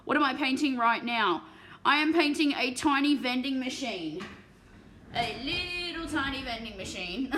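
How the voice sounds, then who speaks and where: A woman's voice: a little high, a bit bright, recorded from a distance, a little hiss or hum. A woman from Perth with an Australian accent, chatting casually and swearing as she paints miniatures on a live stream. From Perth, Western Australia. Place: room at home. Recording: echoey room, voice off mic.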